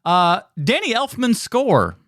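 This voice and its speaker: A man's voice: high-pitched, huge pitch swings, takes it slowly, fairly bright tone, no room sound, clean studio sound. A man co-hosting a podcast, chatting casually in a rambling way, with lots of "like" and "you know". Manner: rambling, heavy use of filler "like". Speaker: podcast co-host. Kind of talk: casual chat.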